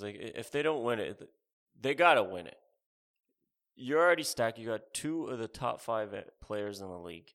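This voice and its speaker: A man's voice: on the low side, gravelly, a bit bright. A man in his thirties delivering a rambling, sarcastic, profane comedic rant as a podcast host.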